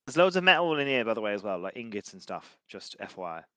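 Chatty man player, lowish voice. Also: big pitch swings, fast, bright, forceful tone, no echo. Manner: chatty, hesitant, many likes. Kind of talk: casual tabletop role-play.

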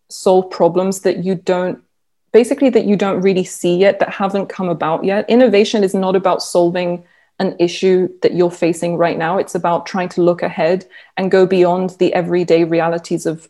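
A woman's voice: fairly low pitch, dark tone. A woman researcher explaining her findings in an interview, with frequent ums and restarts. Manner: hesitant, many fillers and restarts. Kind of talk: interview answer.

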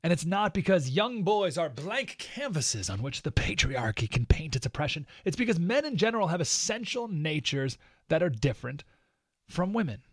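A man's voice: on the high side, moderate pace, breathy edge, no room sound, studio quality. Sarcastic talk radio host, man. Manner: animated and sarcastic, mocking voices. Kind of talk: opinionated talk radio monologue.

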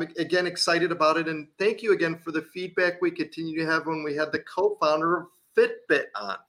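A man's voice: fairly high pitch, sharp tone. A man hosting an interview show, enthusiastic and a bit rambling. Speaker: host.

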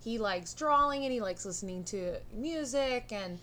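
A woman's voice: fairly high pitch, lively intonation, moderate pace, fairly bright tone. A woman co-hosting a casual film review podcast, playful and jokey with frequent giggles. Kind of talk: casual chat.

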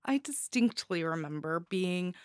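A woman's voice: fairly low pitch, lively intonation, takes it slowly, clear, resonant tone, dry recording, clean studio sound. A woman hosting a podcast, giving a casual, chatty review with bubbly enthusiasm and frequent giggles. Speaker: podcast host reviewing stories.

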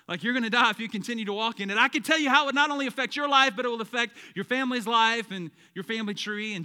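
High, bright-voiced preacher man. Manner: dynamic preaching, swings between loud emphatic lines and low quiet ones; calls out to the congregation, asks them to repeat words. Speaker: pastor. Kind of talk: sermon.

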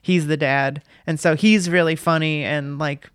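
A man's voice: on the high side, steady tone, a little slow, a bit bright, smooth, dry recording, clean studio sound. A man co-hosting a podcast, rambling casually about a movie with lots of fillers and easy laughter. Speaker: podcast co-host.

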